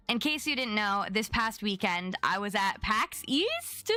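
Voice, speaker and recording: A woman's voice: medium pitch, expressive, measured pace, few pauses, sharp tone, no room sound, faint music behind. A young adult woman chatting casually on her live stream, bubbly and chatty as she greets viewers by name.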